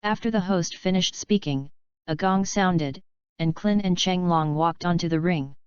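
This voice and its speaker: A woman reads a fanfiction story aloud in a steady, even narrating voice. Her voice sits a little low and sounds very smooth and clean. The recording is dry and a bit dull. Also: unhurried, dry recording. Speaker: audiobook narrator. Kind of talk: reading a fanfiction audiobook.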